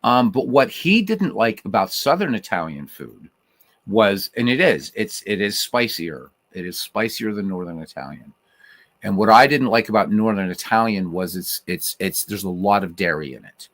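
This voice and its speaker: A man's voice: lowish voice, expressive, moderate pace, fairly bright tone, no room sound. A man from Ireland hosting a casual livestream, rambling through viewer comments with fillers, restarts and swearing. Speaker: livestream host.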